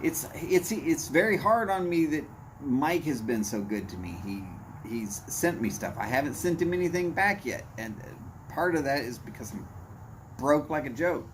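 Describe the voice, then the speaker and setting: A man's voice: fairly high pitch, lively intonation, moderate pace, slight background noise. A man hosting a casual livestream, chatting with viewers in meandering asides, with a tone others hear as angry. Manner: blunt, talks in meandering asides. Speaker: livestream host reading chat. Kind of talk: casual rambling chat.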